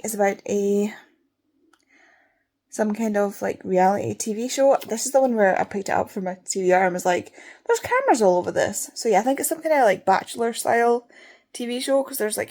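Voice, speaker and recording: A woman's voice: medium pitch, a little mellow. Tired, sniffly young woman chatting casually. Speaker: book vlogger. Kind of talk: casual reading vlog.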